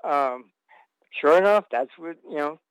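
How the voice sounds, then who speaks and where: A man's voice: on the high side, expressive, a little slow, clean tone, no echo, low-quality recording. A man telling long anecdotes as an interview guest, rambling with fillers and restarts.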